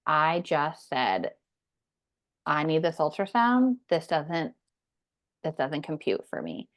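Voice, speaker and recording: A woman's voice: low voice, sing-song, takes it slowly. A woman in her thirties, a podcast guest, telling her personal story in an earnest, emphatic way. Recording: dull lo-fi sound.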